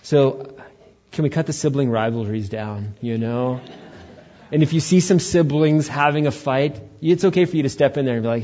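A man's voice: medium pitch, moderate pace, dark tone. A male pastor giving a conversational sermon to his church, with joking asides to the congregation. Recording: dull lo-fi recording.

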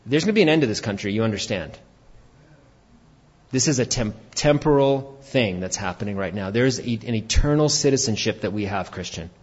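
A pastor preaching an animated sermon, rising to shouts for emphasis. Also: male voice, fairly low pitch, fairly quick, husky, muffled recording.

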